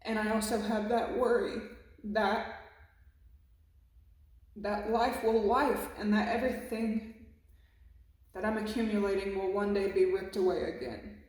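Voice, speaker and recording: A woman's voice: mid-range voice, fairly even intonation, unhurried, pauses often, darkish tone. Woman, casual tarot reading, emotional, swears freely, very echoey room. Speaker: tarot reader.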